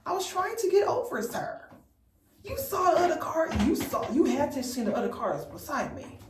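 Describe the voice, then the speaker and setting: A woman from Memphis telling a storytime in an animated, incredulous, chatty way. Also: high-pitched, normal speed, roomy sound, far from the mic, slight background noise, low-quality recording. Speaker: vlogger. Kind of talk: storytime vlog.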